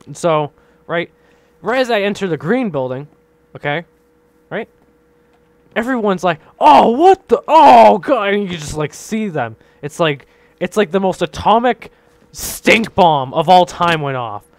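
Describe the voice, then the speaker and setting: Young-sounding guy, higher voice, very bouncy delivery, rambling story over a game. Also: unhurried. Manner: animated, rambling, tags lines with "right?"; laughs often while telling the story. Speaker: gaming channel host. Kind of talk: casual storytelling over gameplay.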